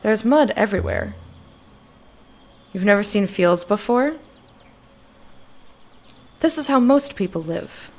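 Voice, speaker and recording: A woman's voice: medium pitch, expressive, takes it slowly, pauses often, a little mellow. A woman reading game lines aloud as a curt young archaeologist. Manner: curt, impatient.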